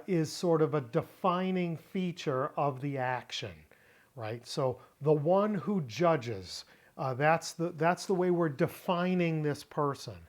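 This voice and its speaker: Middle-aged guy teaching bible greek, slow and careful, kinda high voice, repeats stuff for emphasis. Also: a little mellow. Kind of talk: Bible word-study lesson.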